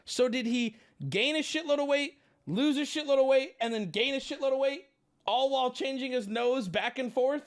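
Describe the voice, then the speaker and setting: A young adult man telling a rambling story to his stream chat, animated and swearing, jumping between high exclamations and low mumbles. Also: moderate pace, clear, resonant tone.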